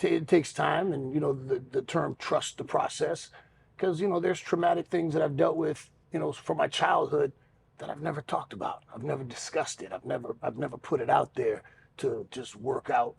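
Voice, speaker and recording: A man's voice: medium pitch, slight background noise. A man co-hosting a podcast, talking frankly and profanely with a self-mocking streak. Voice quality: gravelly. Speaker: podcast co-host. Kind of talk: candid podcast chat.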